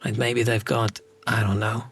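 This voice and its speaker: A man's voice: lowish voice, level tone, normal speed, gravelly, fairly bright tone, husky, faint music behind. A South African man, native Afrikaans speaker, chatting casually on a game stream and rambling as he thinks aloud. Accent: South African English.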